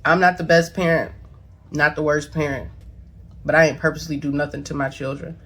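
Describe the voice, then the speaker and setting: This mother answers her son online in a low, husky voice that is fairly bright, brisk and fairly even in intonation. The middle-aged woman addresses the camera directly, swearing bluntly and nearly crying as she defends herself to his followers.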